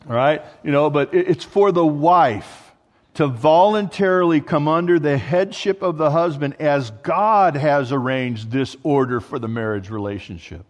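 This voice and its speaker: A male pastor preaching a sermon in a conversational way, with joking asides and restarts mid-thought. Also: fairly high pitch. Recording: long hall reverb.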